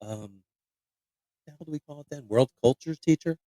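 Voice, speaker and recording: A man in his late twenties from Pennsylvania, co-hosting a podcast and telling a profane, animated story with mock voices. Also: fairly high pitch, fairly quick, dry recording, low-quality recording. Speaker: podcast co-host. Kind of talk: casual storytelling chat.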